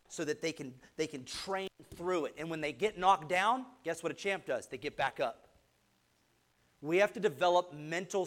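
Fired-up preacher man. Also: on the high side. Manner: energetic, exhorting, call-and-response asides. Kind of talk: sermon.

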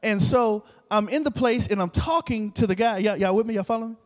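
Male preacher, high voice, animated storytelling sermon in a church hall with a long echo. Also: fairly quick. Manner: animated, repetitive, talks to the crowd. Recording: long reverb of a large hall.

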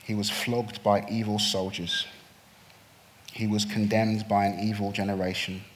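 A man preaching a sermon, swinging from hushed, slow lines to loud, pleading outbursts. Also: fairly low pitch, level tone, slight background noise. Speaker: pastor.

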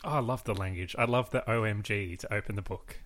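A man's voice: on the low side, fast talker, fairly bright tone. A man co-hosting a book podcast, enthusiastic and playful with small stammers. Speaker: podcast co-host. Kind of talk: casual book discussion.

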